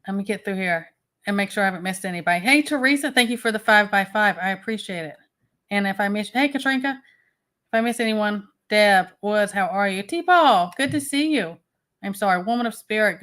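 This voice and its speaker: A woman's voice: mid-range voice, bright, forceful tone. A woman hosting a casual livestream, chatting and greeting viewers one by one by name. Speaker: livestream host.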